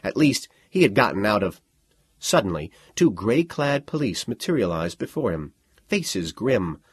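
A man reads fiction aloud with a deep, husky voice that swings widely in pitch, dramatic and expressive. The recording is dry and close, with no room around it. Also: measured pace, dry recording. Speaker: narrator. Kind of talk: audiobook narration.

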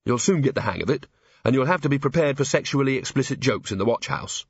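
A man's voice: medium pitch, expressive, fast talker, breathy edge, no echo, muffled recording. A man voicing a blunt, worldly young woman constable in a storybook reading, matter-of-fact and wry.

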